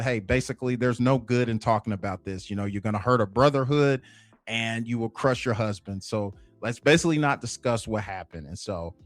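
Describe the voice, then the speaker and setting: A man's voice: mid-range voice, no echo, studio quality. Rambling man recapping a TV episode. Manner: rambling, frequent fillers like "you know" and "basically". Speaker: TV episode reviewer.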